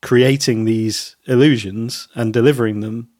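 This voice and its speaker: A man co-hosting a podcast in casual chat, rambling and pausing on many ums. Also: medium pitch, fairly even intonation, darkish tone, no room sound, clean studio sound. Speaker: podcast co-host.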